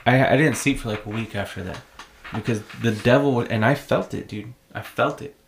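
A man on a podcast, telling a story in an animated, profane, casual way. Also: mid-range voice, brisk, a little hiss or hum.

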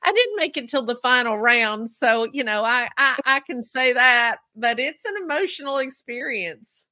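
A woman's voice: on the high side, animated, moderate pace, hardly any pauses, over music. A woman hosting a podcast, chatting casually with a guest and laughing often. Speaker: podcast host.

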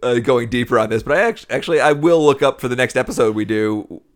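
A man co-hosting a podcast, dropping wry jokes and chuckling at his own asides. His pitch moves a lot, rising and falling through every line. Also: animated, fast talker. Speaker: podcast co-host. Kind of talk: casual chat.

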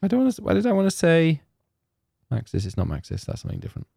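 A man's voice: on the high side, wildly swooping pitch, vocal fry, mellow, no echo, clean studio sound. A man co-hosting a gaming podcast, joking and teasing in casual banter. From United Kingdom. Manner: quick-witted, teasing banter. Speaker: podcast co-host. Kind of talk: casual chat.

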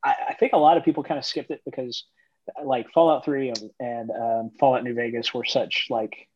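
A podcast co-host talking in a relaxed, hesitant way, full of ums and likes. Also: medium pitch, normal speed, slight background noise. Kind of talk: casual podcast chat. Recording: dry, dull lo-fi audio.

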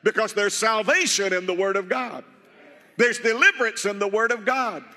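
A man's voice: high voice, moderate pace, pushed and bright, in a large hall. A man preaching a sermon as pastor of a church, emphatic and repeating key phrases to the congregation. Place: church sanctuary.

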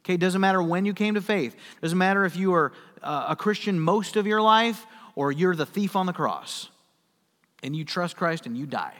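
A man preaching a sermon, animated and folksy, acting out the characters in the parable he reads. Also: sits high, moderate pace, big-room sound. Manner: animated, acts out quoted voices, folksy asides. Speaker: pastor.

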